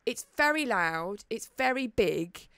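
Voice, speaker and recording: Animated Northern English woman telling a story. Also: a little high, takes it slowly, clean tone, dry recording. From England. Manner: animated, dramatic retelling with acted quotes. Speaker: podcast co-host. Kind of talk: casual storytelling chat. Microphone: studio mic.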